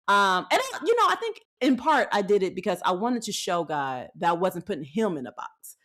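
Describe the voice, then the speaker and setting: A woman in her thirties hosting a podcast, giving frank faith-based dating advice in a folksy, animated way, acting out what people said. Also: fairly low pitch, normal speed. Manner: animated storytelling with acted-out quotes; folksy, frank, laughs often. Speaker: podcast host.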